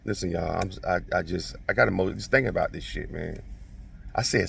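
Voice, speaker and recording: A man casually telling a childhood story to his viewers, animated, profane and self-mocking. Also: deep voice, moderate pace, creaky, far from the mic, a little hiss or hum.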